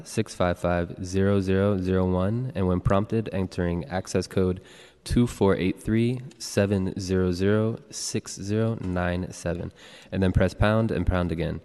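A male clerk calling the roll and reading procedural announcements in a city hall chamber, even and formal. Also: low-pitched. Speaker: board clerk. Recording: long reverb of a large chamber.

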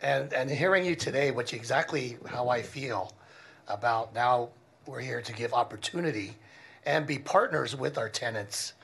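A husky-voiced man at a public commission meeting speaks haltingly and rambles, stopping and restarting often. His pitch sits mid-range. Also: fairly bright tone.

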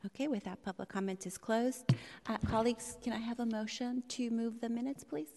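A woman's voice: fairly high pitch, steady tone, dark tone. Woman chairing a meeting in a reverberant hall. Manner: measured, polite, with occasional fillers. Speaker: vice chair presiding over a board meeting. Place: legislative chamber in a city hall. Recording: long reverb of a large hall.

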